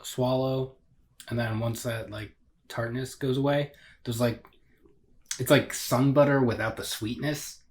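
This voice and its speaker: A man's voice: mid-range voice, fairly even intonation, unhurried, long pauses, a little hiss or hum. Rambling man reviewing a beer. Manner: rambling, hedging, searching for words. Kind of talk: casual tasting chat.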